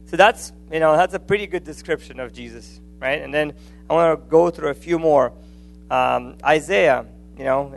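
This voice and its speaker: Gravelly conversational male preacher. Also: on the high side. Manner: conversational, animated, frequent restarts and asides. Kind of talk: sermon.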